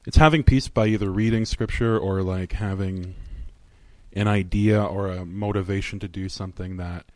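A man's voice: sits low, steady tone, normal speed, dark tone, no echo. A man co-hosting a faith podcast, reflective and earnest as he shares a personal story. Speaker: podcast co-host. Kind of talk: casual podcast chat.

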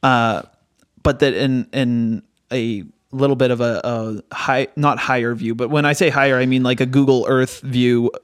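A young man with a mid-pitched voice talks in a thoughtful, hedging way. He restarts his sentences often. The recording is dry and close. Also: fairly even intonation, normal speed, clear, resonant tone, no echo. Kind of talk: casual chat.

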